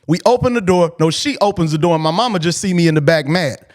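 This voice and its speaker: A man's voice: fairly high pitch, lively intonation, quick pace. A man hosting a podcast, telling a personal story in a casual, blunt and profane way. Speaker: podcast host.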